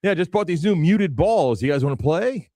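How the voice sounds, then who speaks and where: A man's voice: a little high, animated, normal speed, warm tone, dry recording, studio quality. A man hosting a sports radio show, teasing and joking with his co-host. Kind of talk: casual radio chat.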